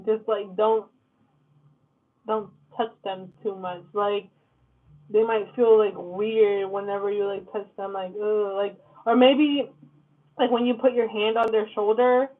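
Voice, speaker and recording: A woman's voice: medium pitch, steady tone, unhurried. Casting: blunt woman tarot reader, cursing casually, tinny phone-like audio. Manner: blunt, profane, fillers like "like" and "okay?". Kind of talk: casual tarot reading to camera. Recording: lo-fi phone-like sound.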